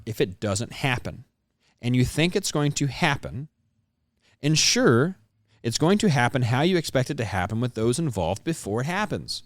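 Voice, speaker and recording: A man with a mid-range voice gives earnest relationship advice. He hammers his points home, says them twice, and swears now and then. The sound is dry and close, with no room echo. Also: mid-range voice. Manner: emphatic, repeats key points, swears casually. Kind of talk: casual advice monologue.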